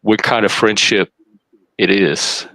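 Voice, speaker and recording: A man's voice: lowish voice, steady tone, slow, bright, forceful tone, no echo, poor audio. A man hosting a live stream chat, explaining his point steadily and insistently. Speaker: host. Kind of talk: casual debate on a live stream.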